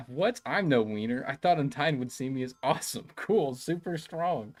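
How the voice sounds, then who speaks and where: A young man livestreaming a game, chatting loosely and joking with his viewers as he plays. His voice sits at an ordinary middle pitch. Faint game music runs in the background. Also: lively intonation, a little slow, pauses often, a little mellow. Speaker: game streamer. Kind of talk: casual live-stream commentary.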